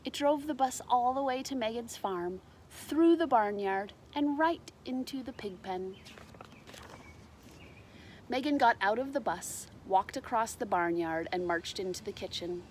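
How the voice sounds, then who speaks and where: Animated woman reading a picture book. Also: a little high, measured pace, a little hiss or hum. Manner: animated, shouts character lines, explains to children. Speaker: storybook reader. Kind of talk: children's storybook read-aloud.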